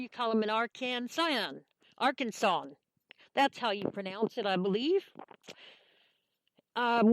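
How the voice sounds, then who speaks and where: A woman from Kansas hosts a relaxed talk radio show, her voice sitting a bit high. She chats in a homey, rambling way, full of little fillers. The sound is close and dry, with no room around it. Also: no room sound, rough recording. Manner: homey, chatty, meandering with fillers. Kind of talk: folksy casual talk radio.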